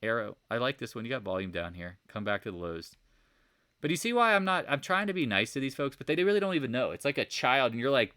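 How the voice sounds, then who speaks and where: A man's voice: fairly low pitch, sing-song, fast, bright, forceful tone, clear, resonant tone, dry recording. A man giving a casual, rambling market recap over charts, exasperated and preachy, firing off rhetorical questions. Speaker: market commentator.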